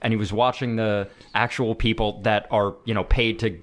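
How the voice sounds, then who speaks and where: A man guesting on a casual podcast, telling an anecdote in a relaxed way with casual swearing. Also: on the low side, normal speed. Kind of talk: casual chat.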